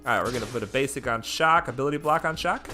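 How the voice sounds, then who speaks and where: Guy streaming a phone game live, talks right to chat, real bright voice, gets excited over every hit. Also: mid-range voice, fast, faint music behind. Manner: excitable, chatty, addresses viewers directly. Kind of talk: live gameplay commentary.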